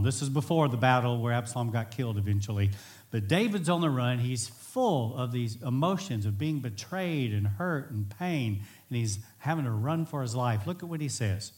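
A man preaching a sermon in an earnest, emphatic way, sometimes swelling to near-shouts. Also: medium pitch. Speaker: pastor.

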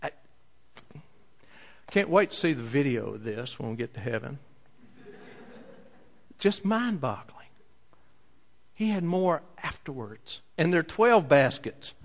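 A man preaching a sermon, telling a story with big swings from loud to soft. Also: medium pitch, lively intonation, normal speed, gravelly. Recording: long hall reverb.

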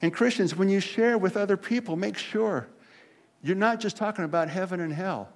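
A man's voice: high voice, moderate pace. A man preaching a conversational sermon, telling stories and acting out the people in them. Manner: conversational preaching, animated storytelling with voiced quotes. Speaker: pastor.

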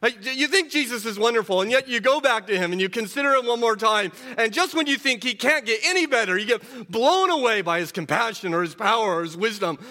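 A man preaching an expository sermon, asking rhetorical questions and dropping low and quiet for emphasis. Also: animated, fairly quick, hardly any pauses. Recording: long hall reverb.

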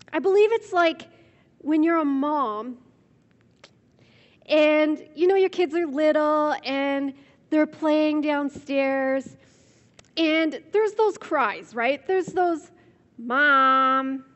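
A woman preaching a sermon, slow and measured, drawing out words for emphasis. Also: high-pitched. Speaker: speaker. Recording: dull sound with long hall reverb.

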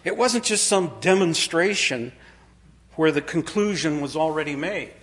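A man's voice: expressive, unhurried. Folksy man preaching a sermon. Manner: folksy storytelling, dropping to a low quiet voice for quoted lines.

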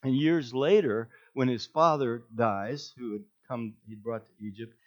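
A man preaching a sermon, telling the story with animated delivery and acted-out quotes. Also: mid-range voice, measured pace, dull audio. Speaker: pastor.

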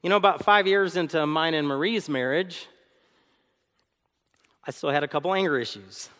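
A man preaching a sermon as co-pastor, animated, acting out arguments and laughing often. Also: fairly high pitch, moderate pace, big-room sound.

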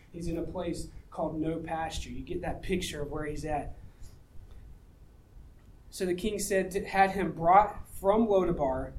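A man's voice: fairly high pitch, a little mellow, slight background noise, low-quality recording. A man preaching a sermon, reading scripture and explaining it in a conversational way, asking the audience rhetorical questions. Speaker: pastor.

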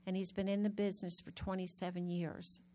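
A woman minister talking casually about recovering from a hand injury, telling the story in a chatty, animated way with many restarts. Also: medium pitch, fairly quick, a little hiss or hum. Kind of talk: casual testimony.

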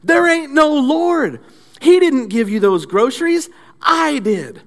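A man voicing a gleeful, mocking neighbor who yells taunts across the street. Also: very high voice, expressive, takes it slowly, pitched above the performer's own voice, heavily acted. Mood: taunting yell. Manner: yelling, taunting. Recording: echoey hall reverb.

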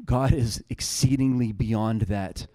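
An earnest male pastor in his thirties delivers a sermon in a casual, conversational way that swells into fervent, higher-pitched appeals. His voice sits at an ordinary pitch. The sound is close and dry, with no room echo. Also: takes it slowly, mellow.

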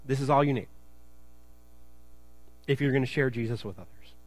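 A man's voice: mid-range voice, moderate pace, darkish tone. A male pastor preaching a sermon in church, chatty and joking, then building to emphatic repetition.

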